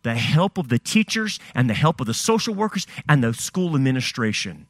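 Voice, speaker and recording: A man's voice: mid-range voice, big pitch swings, a little fast, dry recording, clean studio sound. A man preaching a sermon, firing off rhetorical questions and swinging his emphasis up and down. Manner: fiery rhetorical questions, rising and dropping emphasis.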